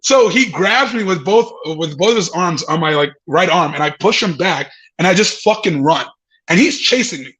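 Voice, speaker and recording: A man with a fairly high voice tells a story to podcast hosts, swearing freely. He laughs between lines and acts out the people in it. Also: animated, normal speed, a bit bright, poor audio. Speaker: comedian guest. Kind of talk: animated storytelling.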